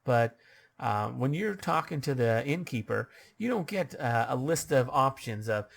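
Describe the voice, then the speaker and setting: A man's voice: mid-range voice, lively intonation, normal speed, vocal fry. A man casually explaining how tabletop role-playing games work, rambling along with lots of ums and uhs.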